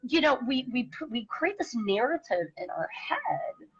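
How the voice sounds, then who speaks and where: A woman's voice: high-pitched, big pitch swings, unhurried, slightly rough. A woman guest in a casual interview who talks bluntly and repeats words as she searches for them. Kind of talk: casual live-stream interview. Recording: dull lo-fi sound.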